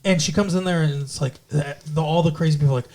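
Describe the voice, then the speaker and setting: Brief: male podcast co-host, casual recap, lots of fillers and cursing, somewhat high voice. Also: fast, darkish tone. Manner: rambling, many fillers and swearing.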